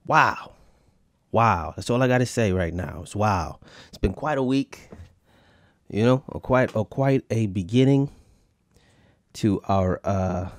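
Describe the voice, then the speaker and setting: A man's voice: fairly low pitch, darkish tone, dry recording, clean studio sound. A man hosting a podcast in casual chat, reacting to clips in a slangy style and often breaking into laughter. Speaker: podcast host.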